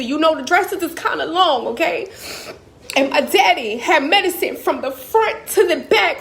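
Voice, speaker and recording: Impassioned high-voiced woman speaking to camera. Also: a bit bright. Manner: impassioned, talks straight to the audience. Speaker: motivational speaker. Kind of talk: emotional personal monologue.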